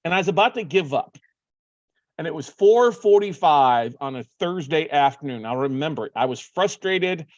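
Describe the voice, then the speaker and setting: A man's voice: a little high, expressive, moderate pace, dry recording, highs cut off. A man hosting a show, telling a story casually and acting out his own phone calls. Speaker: podcast host.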